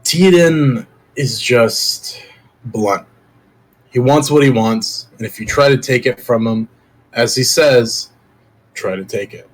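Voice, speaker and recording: A man's voice: medium pitch, slow pace, slight background noise, natural voice, rough recording. A man voicing a blunt, swearing mercenary raised from the dead, speaking in character during a tabletop game. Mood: earnest. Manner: blunt, cursing, deadpan. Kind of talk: tabletop role-play in character.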